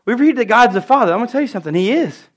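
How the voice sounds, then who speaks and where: Male preacher, light high voice, emphatic storytelling sermon. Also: expressive, fast talker.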